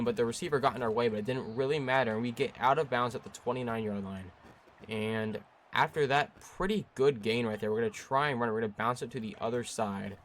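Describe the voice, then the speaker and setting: A young man giving play-by-play commentary over his own video game, jumping between excited bursts and frustrated, flat stretches. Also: mid-range voice. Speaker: gaming YouTuber.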